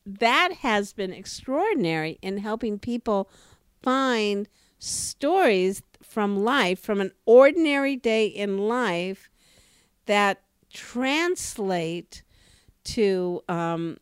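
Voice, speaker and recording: A woman co-hosting a podcast, telling stories in a lively, emphatic way with sudden rises in her voice. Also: drawn-out words, clean tone, no room sound, clean studio sound. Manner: animated storyteller, emphatic rises in pitch. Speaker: podcast co-host. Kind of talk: casual podcast conversation.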